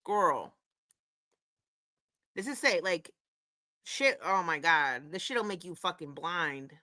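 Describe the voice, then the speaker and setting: A woman hosting a casual commentary stream, her voice bright and forceful. She talks bluntly, swears freely and gets worked up as she reacts. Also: fairly low pitch, animated, slow pace. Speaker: commentary host.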